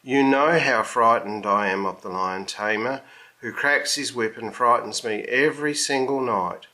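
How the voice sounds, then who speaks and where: A man's voice: mid-range voice, unhurried, sharp tone. A man voicing a timid, sad male circus lion in a storybook reading, sounding frightened and reluctant.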